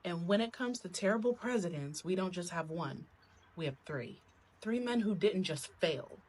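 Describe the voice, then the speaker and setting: A woman's voice: fairly low pitch, slight background noise, rough recording. A woman giving a sarcastic, punchy scripted narration.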